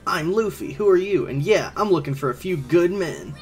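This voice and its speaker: Luffy, put on by a man, brash and loud. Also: high voice, animated, moderate pace, faint music behind, pitched above the performer's own voice. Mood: excited. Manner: loud, eager, exaggerated. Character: cheerful young male pirate captain, brash. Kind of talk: amateur voice-over of a game.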